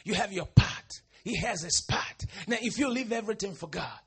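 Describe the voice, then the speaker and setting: A fervent male pastor preaching with a high, gravelly voice that leaps all over its range. He speaks slowly, dropping to hushed lines and then bursting into shouts. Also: lively intonation. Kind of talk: sermon.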